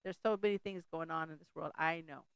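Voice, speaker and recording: A woman's voice: deep voice, fast talker, clean tone, dry recording, rough recording. A middle-aged woman hosting a faith talk show, preaching in a chatty, conversational way and often breaking off to laugh or restart a thought.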